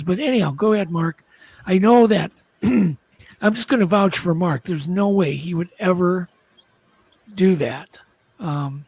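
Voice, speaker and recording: A man's voice: on the high side, darkish tone, no room sound. A man hosting a radio talk show, steering the guests with brief affirmations. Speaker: host.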